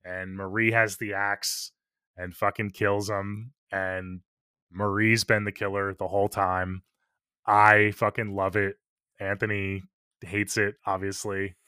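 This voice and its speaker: On a podcast, a male co-host chats casually and enthusiastically about a film, swearing freely and packing his talk with fillers. His lowish voice comes out slow and flat, pushed and bright yet smooth. The recording is dry and clean, with studio quality.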